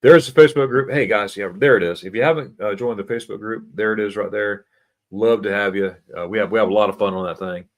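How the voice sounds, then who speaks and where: An American man hosting a casual livestream chat, reading viewer comments aloud and slowly sounding out German words. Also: on the low side. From United States. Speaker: livestream host. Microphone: computer mic for a livestream.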